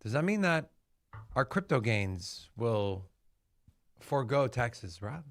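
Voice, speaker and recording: A man's voice: mid-range voice, slow pace. Teasing man co-hosting a livestream. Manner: teasing, deadpan jokes. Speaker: co-host. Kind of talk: casual livestream chat.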